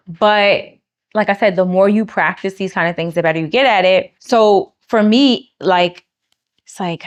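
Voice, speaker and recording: A fast-talking woman from New York who works as a speech coach chats casually in an interview, her voice medium in pitch. She is lively, laughs often, and acts out quoted lines, and she says her fast speech jumbles her words.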